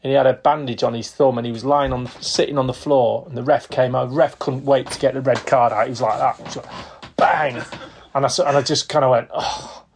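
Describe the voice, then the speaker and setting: Fifties male guest, chatty storyteller, mid-pitched, acts out quotes. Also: fast talker, gravelly, hardly any pauses, slight background noise. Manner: lively storyteller who acts out quotes and laughs often. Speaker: podcast guest, retired footballer. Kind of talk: casual anecdotal storytelling.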